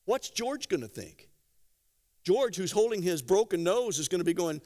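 Male pastor, sermon, lively swooping delivery, slightly high voice, conversational storytelling, acted-out quotes. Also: normal speed. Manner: conversational, gently humorous.

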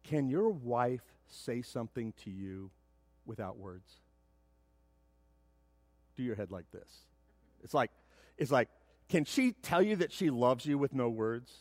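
A middle-aged man preaching a sermon as pastor, emphatic, often repeating words as he builds to loud points. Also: mid-range voice, expressive, slow, long pauses, dry recording. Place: church sanctuary.

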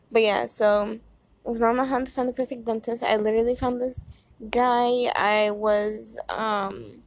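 A woman's voice: on the high side, creaky. Chatty young woman with slight lisp. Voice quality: slight lisp from gauze in mouth. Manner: chatty and rambling, many fillers. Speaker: podcast host. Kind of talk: casual story time. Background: fan noise.

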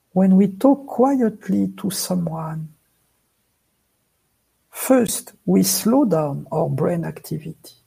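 Slow, soft-spoken man with gravelly voice. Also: high-pitched. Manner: talks slowly and quietly with long pauses, non-native phrasing. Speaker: author and guest.

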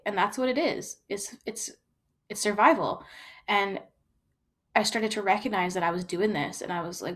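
A young woman talks through a personal story, candid and reflective. She circles back, restarts phrases and leans on fillers as she thinks aloud. Her pitch sits in an ordinary middle range. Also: fairly bright tone. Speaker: storyteller sharing personal experience.

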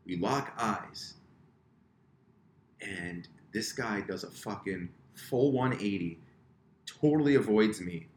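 A man's voice: fairly low pitch, slow, long pauses. A man telling a story on a casual podcast, self-mocking, acting out the lines of the people in it. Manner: self-mocking, acts out quoted dialogue. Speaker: podcast guest. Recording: roomy echo, faint room noise.

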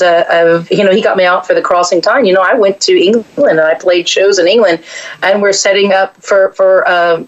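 A woman's voice: mid-range voice, muffled recording. A woman from Texas with a Texan accent, a podcast guest telling rambling, chatty travel stories with many restarts. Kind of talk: casual podcast chat.

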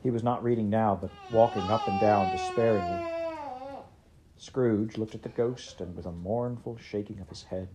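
Very deep-voiced woman narrating a story. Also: normal speed, noisy background. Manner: steady, expressive storytelling. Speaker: audiobook reader. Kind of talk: scripted narration.

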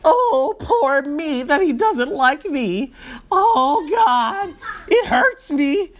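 A man putting on a high, drawn-out mocking whine as a self-pitying, jealous woman coworker. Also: sing-song, full character voice. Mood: mocking whiny.

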